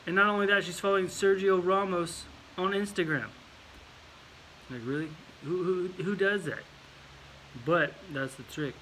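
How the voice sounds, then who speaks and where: Bright man faking an English accent. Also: sits high, moderate pace, a little hiss or hum, low-quality recording. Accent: put-on English accent. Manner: rambling, with frequent fillers and repeated words. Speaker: vlogger. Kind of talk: casual storytelling monologue.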